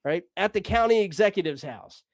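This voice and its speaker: A man's voice: high-pitched, animated, brisk, dry recording, clean studio sound. A man telling a long story casually, rambling, swearing and acting out the dialogue.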